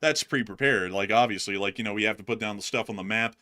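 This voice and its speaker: Male co-host, quick and animated, bright edge to the voice, casual livestream chat. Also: fairly low pitch. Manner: quick, animated, laughs easily.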